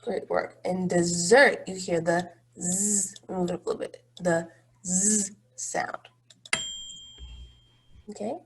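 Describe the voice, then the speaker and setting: A woman's voice: lowish voice, steady tone, slow, long pauses, a little hiss or hum. A woman teaching a phonics lesson to young children, patient and encouraging, drawing out each word.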